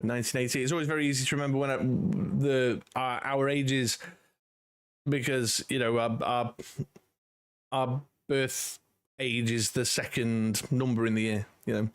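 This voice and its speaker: A man's voice: medium pitch, steady tone, unhurried, clear, resonant tone. A man in his forties hosting a casual livestream from home, chatting with viewers in a rambling, friendly way. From United Kingdom. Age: 40s. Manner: rambling and friendly, many "you know"s. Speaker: livestream host.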